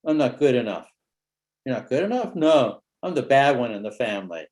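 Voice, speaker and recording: A man's voice: mid-range voice, big pitch swings, brisk, darkish tone, natural voice. A man voicing a sullen hurt boy.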